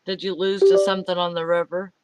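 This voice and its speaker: A woman in casual chat, chiming in with teasing remarks and quick guesses. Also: on the low side, flat delivery, noisy background. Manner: chatty, teasing interjections.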